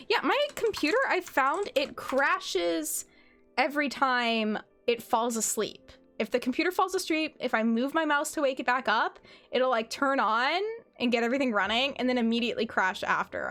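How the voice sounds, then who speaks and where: A woman's voice: high voice, expressive, fairly quick, a bit bright, faint music behind. A young woman chatting casually on a gaming livestream, giggly and self-deprecating. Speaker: streamer.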